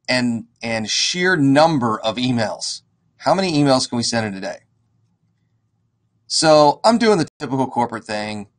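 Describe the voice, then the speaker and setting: Man, real estate investor, animated storyteller, acts out the voices, mid-pitched. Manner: animated, acts out quoted dialogue. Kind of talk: casual storytelling to an audience.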